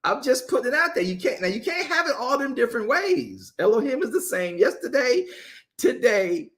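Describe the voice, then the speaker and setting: This man's voice is extremely high, and he keeps a moderate pace while serving as apostle for a casual Bible study. He kids around with the group, speaks to them directly with lots of animation, and often repeats or restarts what he's saying.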